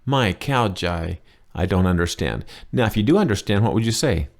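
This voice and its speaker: A man teaching a language lesson in a chatty, enthusiastic way, explaining slowly and repeating key words. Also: lowish voice, lively intonation. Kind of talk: casual spoken lesson.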